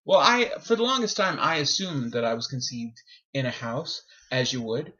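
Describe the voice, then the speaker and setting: A man's voice: mid-range voice, expressive, moderate pace, pushed and bright. A man hosting a comedy podcast in casual chat, joking and self-mocking and laughing often. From Canada. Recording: muffled lo-fi recording.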